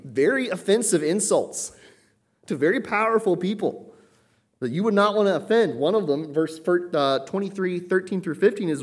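A man's voice: fairly high pitch, husky. Emphatic male preacher delivering a sermon. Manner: emphatic, rising sharply when reading scripture aloud; conversational asides with light laughter.

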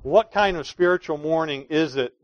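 A man preaching a sermon as pastor, earnest, moving between quiet pleading and emphatic declarations. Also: a little high, moderate pace, no room sound. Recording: dry, dull lo-fi sound.

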